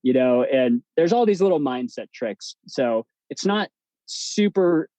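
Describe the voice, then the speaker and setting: A man, a guest on an interview podcast, telling stories in a relaxed, chatty way with plenty of fillers and restarts. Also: medium pitch, unhurried, no room sound, rough recording. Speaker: podcast guest, breathwork instructor. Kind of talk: casual storytelling interview.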